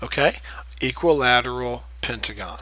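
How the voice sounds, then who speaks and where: A man's voice: medium pitch, moderate pace, pushed and bright, low-quality recording. A man teaching a math lesson in a patient, explanatory way, repeating key terms and checking in with "okay?". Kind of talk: recorded classroom lecture.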